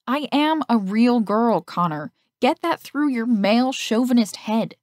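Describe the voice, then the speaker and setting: A woman's voice: fairly high pitch, animated, a little slow, a little mellow, no echo, clean studio sound, pitched above the performer's own voice. A woman voicing a feisty teenage girl, indignant and emphatic.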